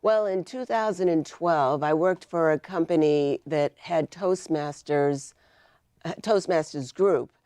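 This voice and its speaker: A woman's voice: low-pitched, measured pace, dark tone, dry recording, studio quality. A woman with a Boston accent, giving a humorous icebreaker speech in a playful storytelling manner, on a video call. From Massachusetts, US. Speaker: club speaker.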